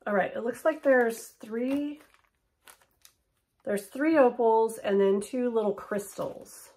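A middle-aged woman vlogger unboxes and tries on jewelry in a casual, upbeat haul chat, speaking slowly in a voice that's on the high side but darkish in tone. For close-ups, she lowers to almost a whisper.

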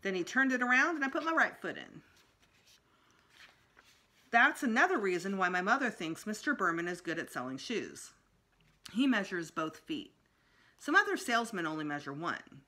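A woman, a school librarian, reading a children's chapter book aloud with expressive storytelling. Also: medium pitch, moderate pace.

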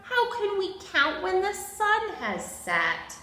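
A woman's voice: very high-pitched, wildly swooping pitch, slow pace, sharp tone, voice pushed up, exaggerated voice. A woman doing a playful zebra who can't count. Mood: glum. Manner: giggling, bellowing, then grunting. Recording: roomy echo.

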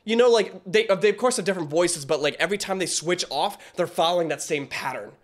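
A man hosting a reaction video, gushing excitedly with lots of fillers and laughs in casual commentary. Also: high-pitched, fast talker.

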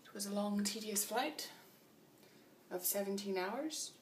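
A woman's voice: mid-range voice, expressive, unhurried, far from the mic, a little hiss or hum. A tired woman chatting casually in a video diary about her cycling trip, laughing often, in a small motel room. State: tired after a long flight. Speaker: long-distance cyclist vlogging.

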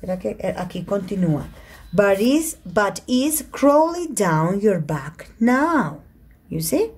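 Slow-talking teacher with a Spanish accent. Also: female voice, medium pitch, sing-song, darkish tone, slightly rough. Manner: switches between English and Spanish, reads sentences aloud slowly. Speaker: English teacher. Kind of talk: online grammar class. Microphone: computer mic in a video call.

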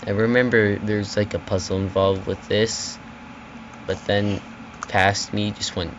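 Male let's-player, lowish voice, rambling and panicky, with game audio loud in the mix. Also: level tone, a little slow, dull audio. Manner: rambling, yelps and repeats words when panicked. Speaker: gaming channel host. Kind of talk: casual let's-play commentary. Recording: loud game noise behind the voice.

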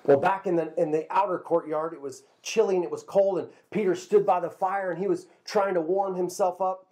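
A man telling a Bible story to children as a kids' pastor, lively and a little halting, often repeating a word before going on. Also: high-pitched. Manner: lively storyteller, repeats words while talking.

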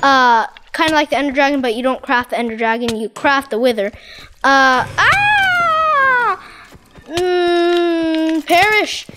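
Excitable high-voiced woman gaming. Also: fast talker, hardly any pauses, very noisy. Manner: excitable, dramatic, exclaims and repeats herself. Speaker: gaming channel host. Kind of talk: Minecraft gameplay commentary.

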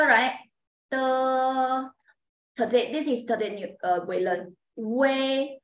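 Woman, Chinese tutor online, fairly high voice, unhurried, repeats every sound. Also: a bit bright, reverberant, poor audio. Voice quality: non-native English, simple phrasing. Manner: patient, repeats sounds slowly for students. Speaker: Chinese language teacher. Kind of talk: online pronunciation lesson.

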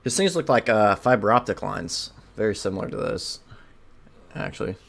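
A man's voice: lowish voice, animated, normal speed, gravelly, a bit bright. A man giving casual let's-play commentary while gaming, laughing often, swearing and reacting with surprise. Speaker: gamer playing a video game.

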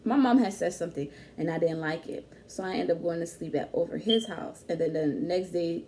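A young woman telling a story in casual chat, animated and slangy, laughing often. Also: fairly low pitch, a little fast, a little hiss or hum. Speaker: vlog host.

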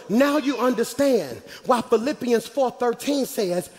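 A pastor in his forties preaching a live sermon in a church, shouting and sing-song, calling out for the congregation to answer back. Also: very high-pitched, very animated, a little slow, long reverb tail. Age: 40s.

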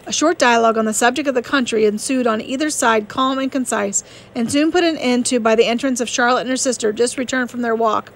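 A woman narrating a classic novel as an audiobook reader, steady and measured. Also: a little high.

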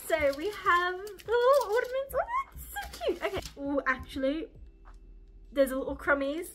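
A young woman vlogging in a chatty, excitable, gushing way as she assembles a baking project. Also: very high-pitched. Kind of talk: casual baking vlog.

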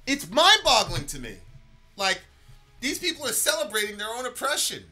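Animated, swearing man with a sharp voice. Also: very high-pitched, normal speed, faint music behind. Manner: animated, swearing, with many stumbles and repeated words. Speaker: co-host of a reaction podcast. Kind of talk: casual political rant.

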